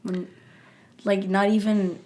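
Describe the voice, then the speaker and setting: A woman's voice: mid-range voice, little pitch movement, slow pace, dark tone. Young woman, podcast co-host, thinking aloud, questioning, trailing sentences. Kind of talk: casual chat.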